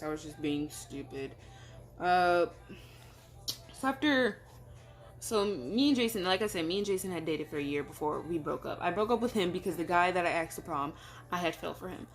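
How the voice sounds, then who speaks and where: A woman telling a personal story in casual vlog chat, rambling with lots of fillers and acting out what people said. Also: fairly low pitch. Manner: rambling, filler-heavy, acts out quoted dialogue.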